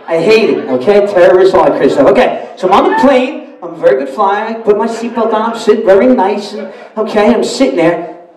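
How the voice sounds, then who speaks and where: Party emcee guy, brash and animated, booming around an echoey banquet hall. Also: brisk, far from the mic. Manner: animated, brash joking with crowd asides. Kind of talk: storytelling to a party crowd. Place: banquet hall at a dinner dance. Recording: echoey hall, mic from afar.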